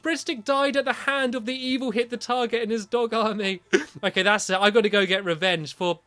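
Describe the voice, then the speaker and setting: A man giving casual Minecraft let's-play commentary, excitable, breaking into yelps and squeals when panicked. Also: sits high, brisk, dry recording. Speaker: gaming video host.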